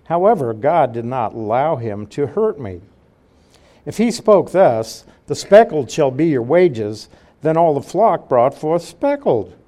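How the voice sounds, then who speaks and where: A man's voice: a little high, very animated, a little slow, dark tone. An older man reading scripture aloud, then explaining it verse by verse in a folksy, conversational way. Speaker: Bible teacher. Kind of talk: verse-by-verse Bible teaching.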